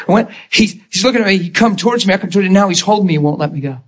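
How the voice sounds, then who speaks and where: A male preacher telling a story in a sermon, animated and emotional. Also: high-pitched, rapid-fire, few pauses.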